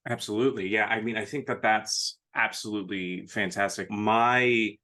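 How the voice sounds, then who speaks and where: A man with a lowish voice and a bright, forceful edge hosts a loose chat. He rambles through his stories and laughs at his own past. The delivery stays casual and conversational. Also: steady tone, moderate pace. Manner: self-deprecating, rambling. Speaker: host.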